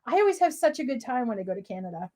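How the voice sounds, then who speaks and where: Excitable middle-aged american woman doing a craft livestream, high voice that swoops all over, laughs a lot. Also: rapid-fire. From United States. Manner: bubbly, excitable, laughs often, talks to chat viewers. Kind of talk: chatty live crafting demo.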